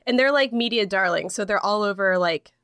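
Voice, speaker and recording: Young woman co-host, mid-pitched, chatty and filler-heavy, dry recording. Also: fairly quick, fairly bright tone, clean tone, dry recording. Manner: rambling, heavy use of "like", frequent laughs. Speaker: podcast co-host. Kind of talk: casual chat.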